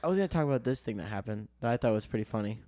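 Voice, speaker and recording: A man's voice: on the low side, lively intonation, rapid-fire, mellow, no room sound, studio quality. Young man telling a rambling story. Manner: rambling storyteller, restarts, swears, jokey. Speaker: podcast co-host. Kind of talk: casual chat.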